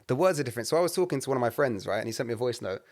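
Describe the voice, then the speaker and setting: A man's voice: mid-range voice, racing. Young man in slangy podcast chat. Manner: London slang, swearing, animated storytelling. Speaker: podcast co-host. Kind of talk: casual chat.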